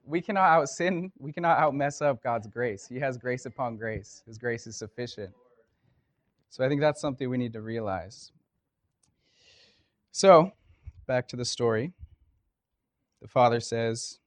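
A man's voice: mid-range voice, moderate pace, no room sound. A man preaching a casual sermon, talking conversationally with lots of fillers and telling a story.

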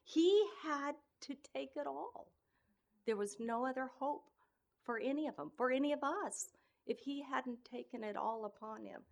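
A woman giving an informal sermon, earnest and emotional, speaking in halting phrases with many restarts between scripture readings. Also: high voice, gravelly, darkish tone. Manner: earnest and emotional, often tearful in tone. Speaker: speaker sharing a devotional message.

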